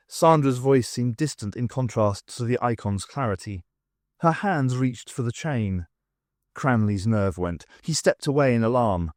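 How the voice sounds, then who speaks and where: A man narrating an unabridged audiobook in a measured, dramatic reading. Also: mid-range voice, expressive, darkish tone, no room sound, studio quality. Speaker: audiobook reader.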